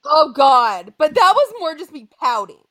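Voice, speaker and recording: A young woman in casual conversation, her voice sitting high. She tells stories with lots of animation and throws herself into the quotes, playing every character with exaggerated voices. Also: big pitch swings, unhurried, pushed and bright. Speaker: podcast co-host. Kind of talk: casual chat.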